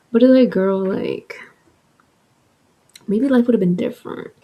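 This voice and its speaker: Husky young woman telling a storytime. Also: fairly high pitch, measured pace, lo-fi sound. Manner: chatty, heavy use of "like", swearing, animated retelling. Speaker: vlogger. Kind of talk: casual storytime with soft ASMR eating.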